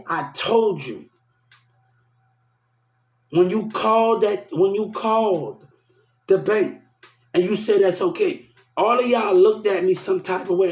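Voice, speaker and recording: This man's voice sits high with a darkish tone, and it echoes around the room. He launches into a heated personal rant about his mistreatment, going over the same points again and quoting others' words with a sense of grievance.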